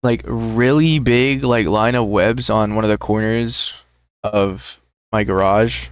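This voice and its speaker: Smooth-voiced young man, dry close sound. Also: lowish voice, steady tone, no echo. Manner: halting, filler-heavy storytelling. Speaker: podcast co-host. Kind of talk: casual chat.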